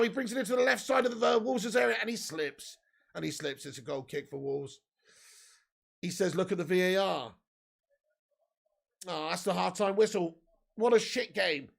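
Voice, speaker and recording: A man hosting a live football watch-along, swinging from low grumbling to excited shouting, swearing often. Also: vocal fry, slightly rough.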